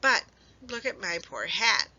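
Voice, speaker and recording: A woman voicing an eager, kind little male hedgehog in a storybook, speaking in high, excited exclamations. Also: a little slow, heavily acted. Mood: gentle. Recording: dull lo-fi recording.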